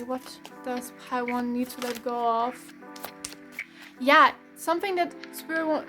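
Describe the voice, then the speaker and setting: A high-pitched young German woman with a German accent gives a casual tarot reading, rambling along with frequent restarts and light laughter.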